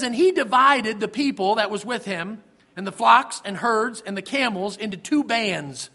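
A man with a strikingly high, bright voice delivers a sermon as pastor. He slows right down to stress scripture and key words, then speeds up between them, emphatic throughout.

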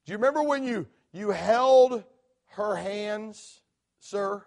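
A middle-aged man preaching a sermon in a church, animated, with many restarts. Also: sits high, takes it slowly, vocal fry. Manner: animated, acts out quoted voices, many restarts. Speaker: guest preacher. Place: church sanctuary.

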